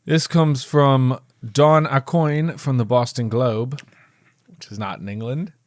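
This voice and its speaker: A man's voice: mid-range voice, steady tone, slow, a little mellow, no room sound, clean studio sound. A man co-hosting a casual movie podcast, playful and hesitant, with many fillers. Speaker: podcast co-host.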